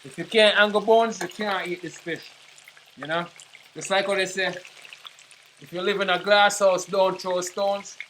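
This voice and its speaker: Jamaican man, slightly high voice, easygoing patois cooking chat, faint sizzle behind. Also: moderate pace, pauses often, a little hiss or hum. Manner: relaxed, chatty, patois phrases. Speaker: cook. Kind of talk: casual cooking demonstration.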